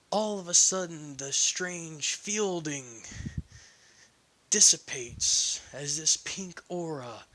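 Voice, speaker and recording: A man narrates a fan story in a loose, chatty way, breaking off to correct himself and add side comments. He speaks slowly, his voice is bright, and his pitch swings around a lot. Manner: rambling, self-correcting, chatty asides. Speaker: fan fiction reader.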